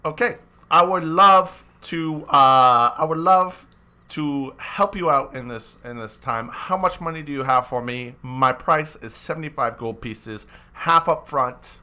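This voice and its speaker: Man doing a high, pompous, money-hungry wizard, tired and frazzled, bright edge. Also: measured pace, smooth. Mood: haughty. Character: greedy scrawny male wizard, sleepless and frazzled.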